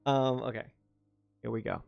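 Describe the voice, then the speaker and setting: A man's voice: mid-range voice, fairly even intonation, normal speed, gravelly, muffled recording. Man reading a novel aloud. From United States. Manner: reads steadily, breaks off into chatty self-mocking asides. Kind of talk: reading aloud on a live stream.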